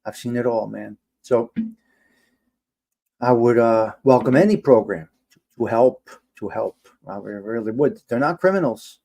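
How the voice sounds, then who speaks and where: A middle-aged man hosting a casual livestream show, talking to his chat and swinging between loud, exasperated, swearing outbursts and quiet mutters. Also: medium pitch, measured pace, creaky. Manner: animated, exasperated ranting with swearing.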